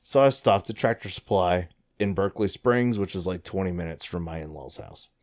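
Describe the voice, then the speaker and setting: A man in his thirties telling a story in casual chat, profane and excited, jumping into high voices when quoting people. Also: a little fast.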